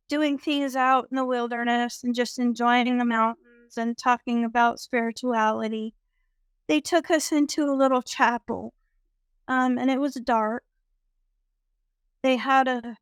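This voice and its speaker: Slow, clear-voiced woman telling her story. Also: on the high side, no room sound. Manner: slow, reflective, with frequent "um" pauses. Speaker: guest sharing a spiritual experience. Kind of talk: personal storytelling.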